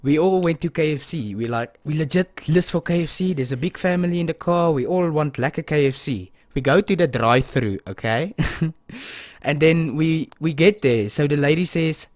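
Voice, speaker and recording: A man's voice: on the high side, normal speed, no room sound. A young man co-hosting a casual chat, reacting and laughing often. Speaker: podcast co-host.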